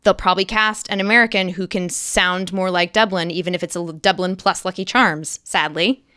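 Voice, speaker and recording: A woman's voice: lowish voice, steady tone, fairly quick, pushed and bright, smooth. A woman actress talking as an interview guest in casual, enthusiastic, emphatic chat. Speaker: guest actress and accent coach.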